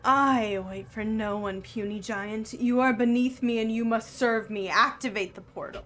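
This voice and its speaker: A woman's voice: a little high, normal speed, fairly bright tone, natural voice. A woman voicing an arrogant, commanding stranger in a tabletop game who looks down on everyone. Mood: haughty. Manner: haughty, commanding. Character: arrogant, imperious woman demanding entry.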